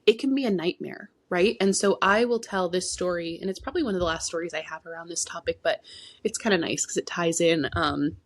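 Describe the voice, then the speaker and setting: A woman podcast co-host with a somewhat low, grounded voice tells a heartfelt personal story, full of asides. She speaks plainly as a therapist, her delivery swinging between emphatic bursts and near-whispers. The sound is dry and close, with no room around it. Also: a little fast, dry recording. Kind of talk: candid podcast conversation.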